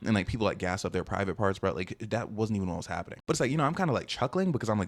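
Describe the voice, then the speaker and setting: Young dude rambling thru a dating story, quick, lotta likes and you knows, lowish voice. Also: male voice, lively intonation. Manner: rambling and slangy, full of fillers. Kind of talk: casual storytelling.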